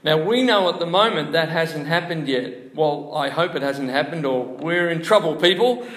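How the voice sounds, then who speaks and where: A man's voice: a little high, animated, moderate pace, fairly bright tone, reverberant. A man preaching a sermon to a congregation in a church, chatty and full of questions to the room. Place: church hall before a congregation.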